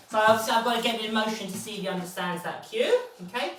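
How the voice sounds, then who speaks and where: A woman dog trainer, explaining steps calmly and then praising the dog in a high, excited voice. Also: racing, hardly any pauses, a little hiss or hum. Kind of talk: live training session commentary. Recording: very echoey, distant from the mic.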